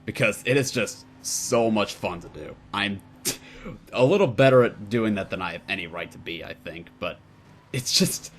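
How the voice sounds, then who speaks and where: A young man with a fairly low voice reads out viewer questions and answers them in a relaxed, wry way, now and then slipping into mock-formal replies. He is recorded on a home desk mic, with a faint hiss of room ambience behind him. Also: moderate pace. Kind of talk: casual Q&A monologue.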